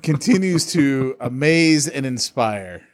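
A man's voice: mid-range voice, animated, slow pace. A man co-hosting a casual podcast who chips in with short, dry, teasing remarks. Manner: dry, teasing, brief interjections. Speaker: podcast co-host.

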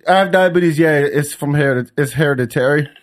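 Fairly high-voiced man, laughing at himself. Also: a little fast. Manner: stumbling over words, self-mocking, laughs a lot. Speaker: podcast host. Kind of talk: casual joking chat.

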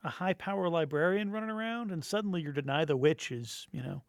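A man's voice: a little high, expressive, brisk, no room sound, clean studio sound. A man co-hosting a casual podcast, joking and enthusiastic, with lots of "like" in his speech. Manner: joking, enthusiastic, says "like" often. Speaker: podcast co-host.

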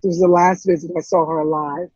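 A woman, an interview guest, tells an emotional personal story in a halting way, full of restarts and repeated words. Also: lowish voice, little pitch movement, a little mellow, breathy edge, no echo, lo-fi sound.

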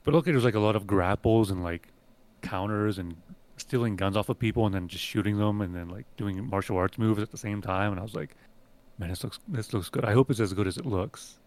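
A man's voice: fairly low pitch, quick pace, a little mellow. A man co-hosting a gaming podcast in casual chat, blunt and swearing casually. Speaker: podcast co-host.

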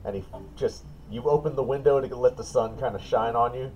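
A man narrating as dungeon master in a relaxed, descriptive way. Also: medium pitch, a little fast, lo-fi sound, slight background noise. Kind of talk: narrating a tabletop game.

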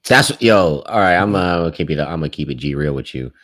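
A man's voice: a bass voice, expressive, fast, fairly bright tone. A young man co-hosting a casual podcast chat, laid-back and slangy, laughing often. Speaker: podcast co-host. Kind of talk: casual chat about an anime.

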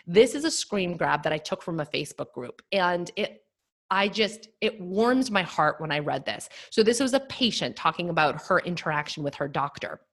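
A woman's voice: on the low side, animated, normal speed, a bit bright. A woman in her thirties hosting a solo podcast, speaking candidly and with animation, using lots of fillers. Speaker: podcast host and nutrition practitioner.

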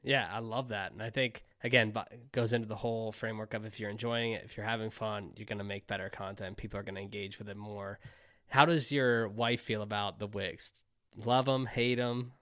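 A man's voice: lowish voice, steady tone, a little fast, fairly bright tone, no room sound, studio quality. A man hosting an interview, affirming his guest's answers before asking the next question. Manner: affirming, says "I love that" often. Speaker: podcast host.

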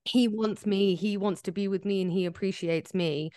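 A woman's voice: medium pitch, moderate pace, no echo, studio quality. A woman in her thirties co-hosting a podcast in casual chat, telling stories and acting out the lines of other people. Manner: animated storyteller, acts out quoted dialogue. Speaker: podcast co-host.

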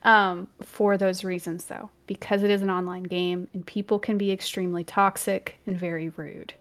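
A young woman with a Louisiana accent talks casually over a video call. She laughs a lot and gets lively when she cares about something. Her voice sits at a middle pitch for a woman. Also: normal speed. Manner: laughs often, animated when passionate. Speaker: streamer and guest. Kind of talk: casual chat. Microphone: desk mic with earbuds, video call.

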